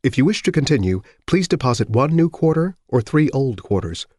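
A man's voice: mid-range voice, very animated, a little fast, a little mellow, no echo, studio quality, pitched above the performer's own voice. A man reading an audiobook voices a clipped, formal female telephone operator. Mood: curt.

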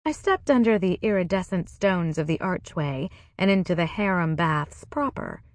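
A woman narrating a first-person novel in a measured, wry way. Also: fairly low pitch, lively intonation, no echo. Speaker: audiobook narrator.

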